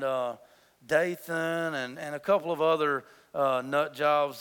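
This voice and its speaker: A man with a high, bright voice preaches a sermon, chatting with the crowd and acting out the people in his story. His voice rings with a smooth, clear tone, and a long reverb trails behind him in a big hall. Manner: conversational, jokey preaching, acts out quoted voices; builds to loud emphatic passages. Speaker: pastor.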